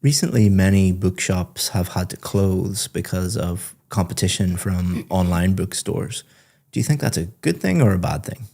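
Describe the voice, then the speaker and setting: A man acting as a speaking-test examiner, asking questions and then giving a student measured, encouraging feedback. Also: sits low, gravelly, warm tone. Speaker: IELTS examiner and teacher. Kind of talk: exam questions and spoken feedback.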